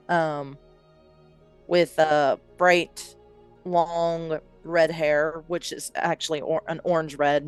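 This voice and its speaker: A woman's voice: low-pitched, smooth. A woman playing a tabletop game, chatty and rambling as she corrects herself while describing her character. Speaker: player.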